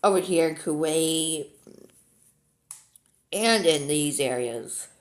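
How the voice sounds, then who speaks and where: A man's voice: on the high side, expressive, slow. A male gamer at home giving casual commentary on a strategy map game, rambling and easily sidetracked, with lots of "like.". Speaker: gaming commentator.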